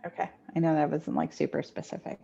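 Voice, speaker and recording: A woman's voice: low-pitched, steady tone, fast talker, gravelly, dark tone, dull audio, soft background music. A woman medium giving live readings from home over a video call, chatty and hesitant with many ums. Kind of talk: live online intuitive readings. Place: home near a kitchen.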